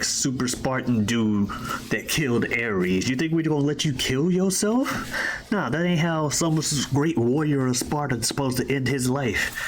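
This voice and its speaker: A man's voice: mid-range voice, slight background noise, natural voice. A man voicing a group of gods who scold and refuse a mortal. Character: stubborn chorus of male gods.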